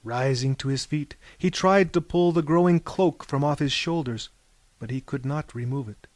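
A man reading a story aloud in a measured, lyrical way. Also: a little high, darkish tone, no echo. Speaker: narrator.

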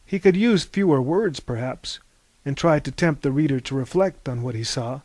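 A man narrating a storybook in a calm, measured, wry way. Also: mid-range voice, dry recording. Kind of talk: storybook reading.

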